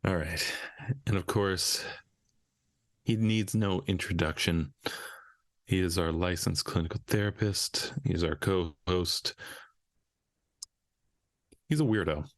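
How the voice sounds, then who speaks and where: A man's voice: low voice, takes it slowly, long pauses, no echo. A young man from Minnesota hosting a casual podcast, joking, laughing often and swearing casually. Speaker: podcast host.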